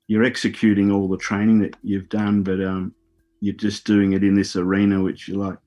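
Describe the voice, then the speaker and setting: A man's voice: on the low side, completely flat delivery, moderate pace, darkish tone, soft background music. A middle-aged Australian man, a radio guest, telling rambling stories with repeated words and casual swearing. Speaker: guest, former Olympic hurdler. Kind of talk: casual storytelling on a radio show.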